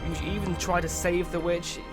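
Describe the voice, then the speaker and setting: A man narrating a video game review with excitable, animated reactions. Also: sits high, moderate pace, over music.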